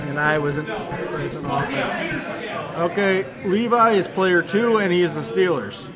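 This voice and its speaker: Rambling man over loud music. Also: high-pitched, measured pace. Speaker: tournament player. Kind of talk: casual chat.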